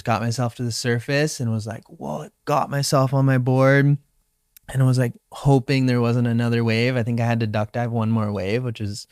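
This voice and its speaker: A young man from Hawaii, a professional surfer, telling his story in a relaxed, reflective way in an interview, often acting out his own inner voice. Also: medium pitch, moderate pace, clean tone, no echo, clean studio sound.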